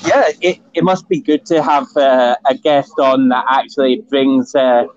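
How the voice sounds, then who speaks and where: A man's voice: medium pitch, steady tone, unhurried, lo-fi sound. A man with a Scottish accent, a guest in a casual online chat, talking with many fillers and restarts. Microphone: phone.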